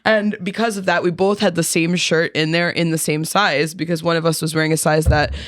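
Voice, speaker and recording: A woman's voice: low voice, steady tone, fairly quick, dry recording, clean studio sound. A young woman co-hosting a podcast in a laid-back casual chat, laughing often and using many fillers. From New York area. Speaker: podcast co-host.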